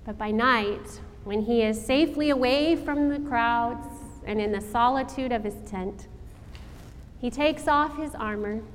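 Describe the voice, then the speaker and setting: Woman preaching slowly in an echoing hall. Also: fairly high pitch, a little hiss or hum. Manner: slow dramatic storytelling with rhetorical questions. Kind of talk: sermon. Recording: long hall reverb, faint ambience.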